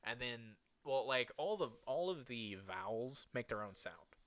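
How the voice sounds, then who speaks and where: A man's voice: medium pitch, animated, a little slow, fairly bright tone. A man in casual chat, talking loosely, swearing often and laughing a lot.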